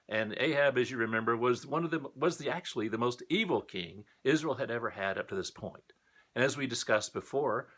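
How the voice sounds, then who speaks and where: A man's voice: mid-range voice, sharp tone. A man teaching a recorded Sunday school lesson, telling a Bible story in a friendly, explanatory way.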